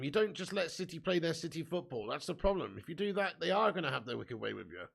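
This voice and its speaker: A man's voice: a little high, animated, quick pace, creaky, few pauses. A young man hosting a live football watch-along, reading out viewer comments and ranting bluntly about his team's heavy loss. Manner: blunt, sweary, frustrated fan banter.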